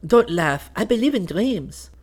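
A man's voice: high-pitched, sing-song, a little slow, voice pushed up, exaggerated voice. A man voicing a playful, teasing young woman in an audiobook, with a light, coy manner. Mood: wistful. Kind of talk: audiobook character voice.

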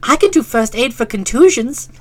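A woman's voice: fairly high pitch, animated, normal speed, close to an everyday voice. A woman voicing an eager, meddlesome small boy scout in an audiobook reading, earnest and persistent. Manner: earnest, persistent, cheerfully pushy. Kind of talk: audiobook character voice.

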